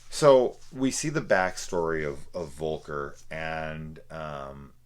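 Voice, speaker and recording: A man's voice: extremely low pitch, takes it slowly, clear, resonant tone. A man casually reviewing a film, rambling with many fillers and restarts. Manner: rambling, lots of fillers and laughs.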